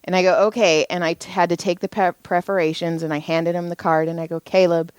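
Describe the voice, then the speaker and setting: Woman in her forties, podcast co-host, profane animated storyteller, lowish pitch, dry close sound. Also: quick pace, smooth, dry recording. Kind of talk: casual podcast chat.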